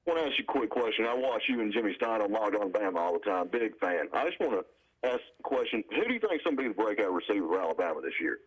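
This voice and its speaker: Man, radio caller, low husky voice, fast, muffled phone line. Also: expressive.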